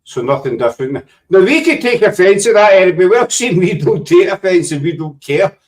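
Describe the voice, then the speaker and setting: The Scottish host's voice is high-pitched, animated and brisk as he rambles and teases guests on a casual live panel show. He's recorded from a distance.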